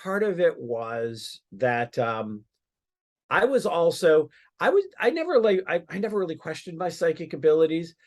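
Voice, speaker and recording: A man's voice: a little high, sing-song, normal speed. Rambling man telling a story. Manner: rambling, many restarts and fillers. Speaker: guest psychic medium. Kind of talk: casual storytelling.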